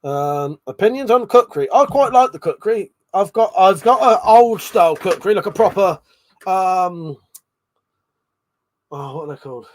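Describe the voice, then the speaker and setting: A man's voice: sits high, animated, normal speed, no room sound. A British man hosting a casual late-night livestream. He is tipsy, laughs often, swears freely and reads chat comments aloud. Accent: British English. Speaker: livestream host.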